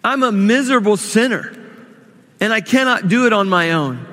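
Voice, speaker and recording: A man's voice: high-pitched, animated, moderate pace, pushed and bright. Man preaching emphatically in a reverberant hall. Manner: emphatic, repeats words for stress, prays aloud. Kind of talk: sermon. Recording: long reverb of a large hall.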